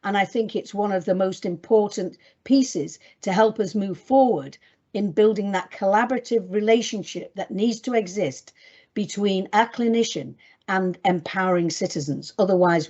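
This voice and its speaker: A woman's voice: mid-range voice, moderate pace, dark tone, highs cut off. A woman presenting to clinicians in a webinar, talking directly and emphatically as she moves through her slides. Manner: direct, emphatic, addresses audience as guys.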